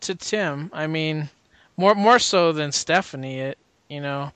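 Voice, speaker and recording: A man's voice: fairly high pitch, measured pace, fairly bright tone, smooth, no room sound. A man talking about comics in a casual chat, hedging and sharing his opinions.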